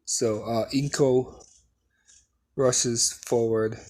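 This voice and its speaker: Brief: male fan storyteller, unhurried, halting, casual delivery. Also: mid-range voice, steady tone, a little mellow. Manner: halting, full of fillers and restarts. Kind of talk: casual unscripted story retelling.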